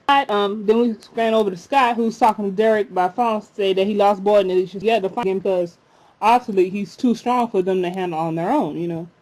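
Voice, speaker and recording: A woman's voice: mid-range voice, fairly quick, darkish tone. A woman giving a casual recap of a TV episode, chatty and breaking into indignant rants. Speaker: TV episode reviewer. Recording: slightly dull lo-fi recording.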